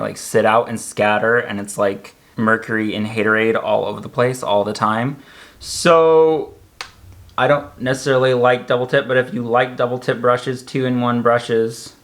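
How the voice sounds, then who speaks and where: A man's voice: mid-range voice, a bit bright. A young man casually reviewing makeup in a chatty, campy vlog with joking asides.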